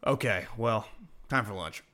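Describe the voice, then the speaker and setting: A man's voice: on the low side, a little slow, pushed and bright. A man co-hosting a casual sports podcast, rambling and swearing freely and laughing between points. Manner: rambling, profane, laughs often.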